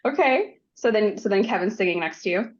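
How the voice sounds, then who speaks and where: A woman's voice: mid-range voice, lively intonation, brisk. A woman interviewer in a casual chat, asking curious follow-up questions in a mid-range voice. Her sound is slightly dull and lo-fi, as if recorded over a weaker line.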